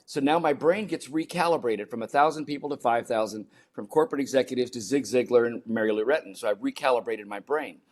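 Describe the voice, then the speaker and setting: An older man from the United States, a performance coach, telling lively stories in an interview and acting out his own reactions. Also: mid-range voice. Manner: animated storyteller, acts out his own panicked voice. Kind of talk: storytelling interview talk.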